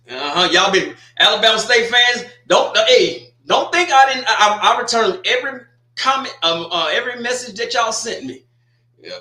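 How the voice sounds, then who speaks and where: Bright-voiced, echoey sports host. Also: male voice, high voice. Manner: loose, joking, trash-talking, with frequent restarts and asides. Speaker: sports talk livestream host. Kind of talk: casual livestream commentary.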